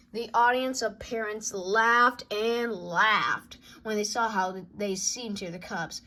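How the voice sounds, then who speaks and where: A woman reading a children's picture book aloud in an expressive way. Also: mid-range voice, slow, few pauses. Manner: expressive, sound-effect dings between pages. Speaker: storybook reader.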